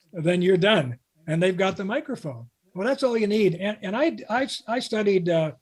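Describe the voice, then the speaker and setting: An older man from Canada speaks as a guest in an interview, telling one anecdote after another. His voice sits a little high for a man, and he rambles along with frequent restarts. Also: a little mellow. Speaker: guest, author. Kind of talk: casual interview talk.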